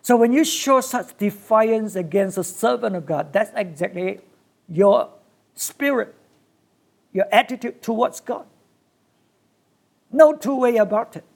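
A preacher with a gravelly, creaky voice delivers a sermon from start to finish. The delivery is emphatic and comes in short bursts, with key phrases repeated for weight. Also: mid-range voice, animated, a little slow, long pauses, darkish tone.

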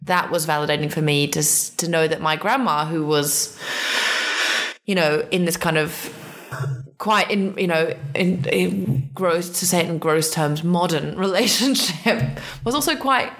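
A woman's voice: sits low, measured pace, a bit bright. A young woman from England chatting candidly as a podcast co-host, laughing often and talking with lots of fillers and restarts. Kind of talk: candid casual chat.

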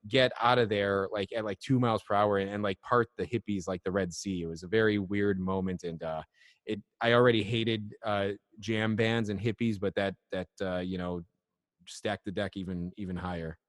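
A man's voice: fairly low pitch, little pitch movement, moderate pace, no room sound, studio quality, long reverb tail. A man co-hosting a podcast, telling a long, loose, profane story in casual chat. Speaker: podcast co-host.

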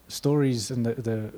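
A man preaching a sermon in a mid-pitched voice. He tells the story with animated energy and acts out the quotes. He laughs now and then.

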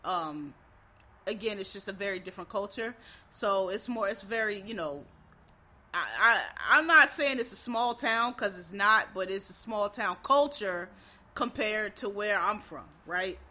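A man chats casually to his listeners, sounding a little tired. His voice is bright and forward. He rambles, trails off and restarts, and calls his audience y'all. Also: sits high, expressive, measured pace. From Philadelphia. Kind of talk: casual chat recapping a TV show.

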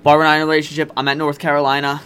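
A man's voice: a little high, monotone, rapid-fire, a bit bright, a little hiss or hum. A young man casually telling a candid, profane personal story on a podcast. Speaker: podcast guest.

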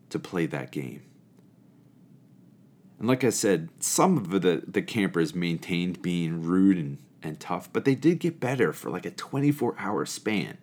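A man with a low, deep voice tells a story from his camp counselor days. He is animated and expressive, then shifts into reflective spiritual musing. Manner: animated and expressive, acting out quoted people. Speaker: storyteller sharing a camp memory.

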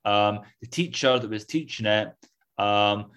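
A man's voice: fairly low pitch, unhurried, fairly bright tone. A man from the UK, a guest in a casual interview, talking loosely with many fillers. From United Kingdom. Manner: rambling, many fillers like "like, you know". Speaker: guest author.

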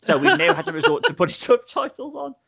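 A man's voice: high voice, sing-song, quick pace, vocal fry, pushed and bright, breathy edge, muffled recording. A man in casual chat, recapping and reviewing a TV show in a rambling way, full of "like" fillers and swearing. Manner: rambling storyteller, many "like" fillers, swears freely.

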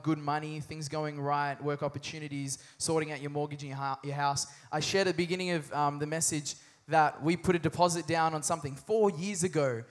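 A young male pastor with a notably high voice delivers an energetic sermon. He mixes humor with earnest points and keeps prompting the congregation to repeat after him. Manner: energetic, humorous, with call-and-response to the crowd.

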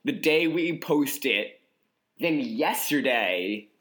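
Animated and fairly bright, this man's medium-pitched voice belongs to a podcast co-host. In a laid-back comedic conversation he gets silly, riffing along and stretching out words in long, goofy runs.

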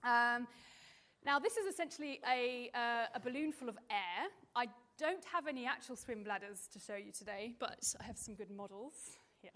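A woman with a fairly high voice leads a public science talk for families, chatty and playful. She keeps her presentation light, with plenty of ums as she goes. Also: lively intonation, normal speed, fairly bright tone. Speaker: marine biologist giving a public talk. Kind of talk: lively presentation to a live audience with children. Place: stage in front of an audience.

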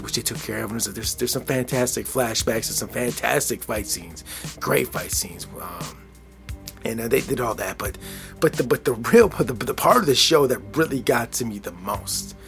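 A man in his forties hosting a solo podcast late at night, tired and relaxed, talking earnestly and repeating his words often as he rambles. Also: mid-range voice, normal speed, creaky, soft background music. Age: 40s. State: tired, bedtime voice. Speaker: podcast host. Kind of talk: casual solo podcast talk. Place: at home, relaxed. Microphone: podcast microphone.

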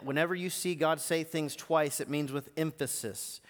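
A man's voice: a little high, fairly even intonation, moderate pace. A man and lead teaching pastor giving a live sermon, asking the congregation emphatic rhetorical questions. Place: church auditorium. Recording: long reverb in a live hall.

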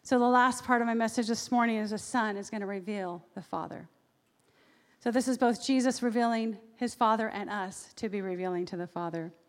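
Lady preacher, kinda high voice, chatty sermon with little side stories, long echo from a big church. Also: fairly quick. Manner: conversational preaching with personal asides. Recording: long reverb of a large hall.

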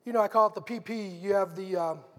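A man's voice: high-pitched, quick pace, fairly bright tone, long reverb tail. A middle-aged man preaching a sermon in an earnest, conversational storytelling manner.

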